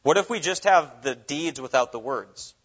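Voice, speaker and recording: A man's voice: fairly high pitch, animated, normal speed, fairly bright tone, slightly rough. A man from Minnesota preaching a sermon as pastor, earnest and full of rhetorical questions. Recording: dull lo-fi recording.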